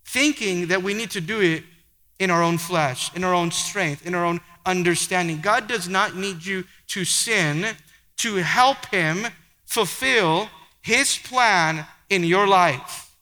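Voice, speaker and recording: A man's voice: high voice, sharp tone. A man preaching a sermon with an emphatic, repetitive cadence. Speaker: pastor. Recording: long hall reverb.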